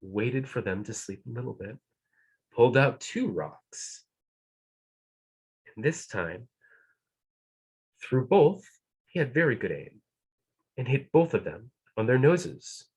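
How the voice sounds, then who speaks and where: Slow, breathy animated storyteller man. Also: mid-range voice. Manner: animated, playful, shifts between hushed and loud. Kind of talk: told folk tale. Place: live storytelling event.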